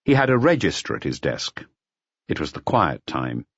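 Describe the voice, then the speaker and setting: Deep-voiced man narrating a crime novel. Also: breathy edge, no room sound. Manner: measured, expressive storytelling. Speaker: audiobook narrator. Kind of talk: scripted narration. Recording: dull lo-fi audio, dry.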